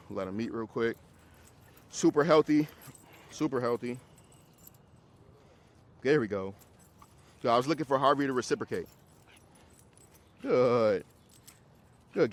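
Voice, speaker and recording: A man's voice: mid-range voice, a bit bright. Casual male dog trainer coaching live. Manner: casual, coaching, talks to dogs and handlers. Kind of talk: live coaching during a group class.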